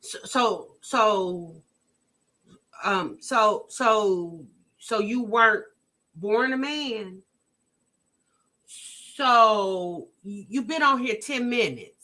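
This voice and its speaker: A woman hosting a reaction vlog, chatting casually with her live chat in an animated, exclamatory way and often restarting her sentences. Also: mid-range voice, drawn-out words, pauses often. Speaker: vlog host reacting to a video.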